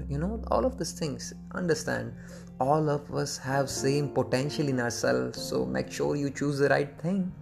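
A man's voice: mid-range voice, normal speed, creaky, over music. A man hosting a podcast, telling a motivational story with earnest, simple phrasing and frequent repetition.

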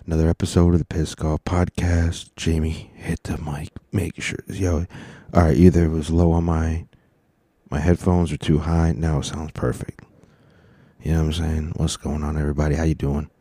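A man hosting a casual solo podcast, tired and rambling, profane, sometimes breaking into loud rants, speaking into a mic on a stand. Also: extremely low pitch, little pitch movement, normal speed, breathy edge, no echo, studio quality. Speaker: podcast host. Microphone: studio mic on a stand.

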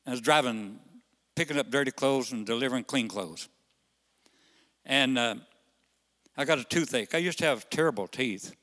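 Folksy older pastor telling stories. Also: male voice, mid-range voice. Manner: folksy, halting with fillers, bursts into loud calls to the crowd. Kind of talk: storytelling sermon. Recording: long hall reverb.

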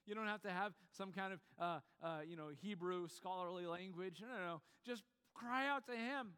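A man's voice: high voice, moderate pace, pushed and bright, clear, resonant tone, long reverb tail. A man preaching a sermon in a conversational way, with fillers and restarts. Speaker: pastor.

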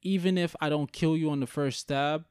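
A young man in casual, profane chat who rants with heat and an animated delivery. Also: a little high, normal speed, clear, resonant tone, no echo, studio quality.

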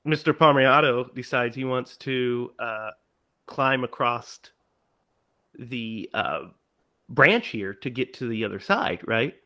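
A man co-hosting a podcast, casually retelling a horror film in an animated way and acting out the characters' lines. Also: mid-range voice, slow. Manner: animated, acts out characters' lines in put-on voices. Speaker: podcast co-host.

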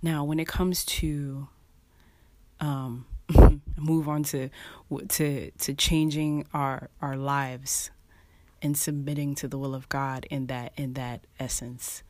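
A preacher giving casual devotional teaching, pausing often, repeating words and chuckling between thoughts. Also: medium pitch, little pitch movement, a little mellow, no room sound. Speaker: online preacher.

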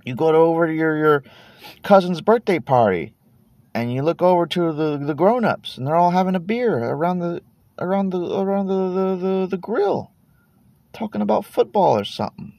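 A man's voice: high-pitched, animated, normal speed, gravelly, darkish tone, dry recording. A man in his thirties from Texas, rambling laid-back and cursing casually while sitting in his parked car. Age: 30s. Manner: laid-back, meandering, swears casually, trails off and repeats words. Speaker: podcast host.

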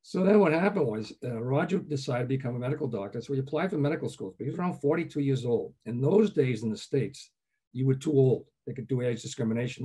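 Fast-talking older man telling stories. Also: medium pitch, animated, warm tone, slightly rough. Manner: chatty, anecdotal, frequent "okay?" asides, chuckles often. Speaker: guest, groundwater professor. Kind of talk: relaxed storytelling interview.

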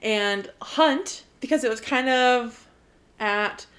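A woman's voice: fairly high pitch, slow. Gushing young woman in casual chat. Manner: gushing, animated, swears freely. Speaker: podcast co-host.

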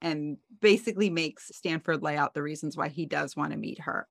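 A woman with a low voice recaps a TV episode for her podcast, telling it like a story to a friend and dropping wry asides along the way. The sound is dry and close. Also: a little fast, vocal fry, no echo. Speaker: podcast co-host.

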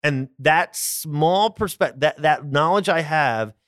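A man with a Philadelphia accent, chatting as a podcast guest about his acting work, animated and quick to restart his sentences. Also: fairly high pitch, clean tone, no room sound, clean studio sound. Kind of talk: casual interview chat.

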